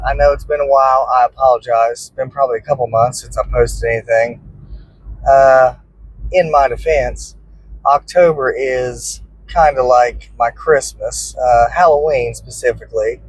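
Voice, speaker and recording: An easygoing man hosts his cooking vlog from inside a car, chatting in a relaxed, joking way. His voice sits at an ordinary mid pitch. Faint road noise hums behind him. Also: poor audio. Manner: easygoing, joking, self-deprecating. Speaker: host of a barbecue cooking channel. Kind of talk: casual vlog chat.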